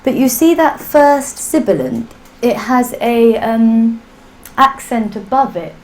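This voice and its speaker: A woman's voice: a little high, sing-song, takes it slowly, darkish tone, rough recording. A woman teaching a live online language class, drilling sounds patiently for students to repeat. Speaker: Sanskrit teacher.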